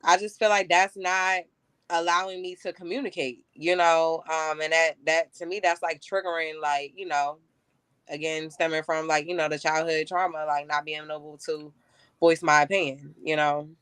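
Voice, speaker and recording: Young woman, candid casual chat, bright smooth voice, dry close mic. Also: low-pitched, flat delivery, moderate pace, dry recording. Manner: candid, casual, frequent "like" and "you know".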